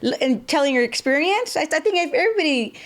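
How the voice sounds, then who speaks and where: A woman hosts a casual interview in a high voice. She encourages her guest and reacts to the story as it unfolds. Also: expressive, fast. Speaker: host.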